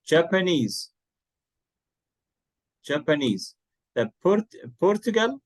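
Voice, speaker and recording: Male tutor, slow patient delivery, slightly high pitch, spells words aloud, dry close mic. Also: big pitch swings, no echo, poor audio. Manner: patient, repeats words and spells them out letter by letter. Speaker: English tutor. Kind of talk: online one-to-one English lesson.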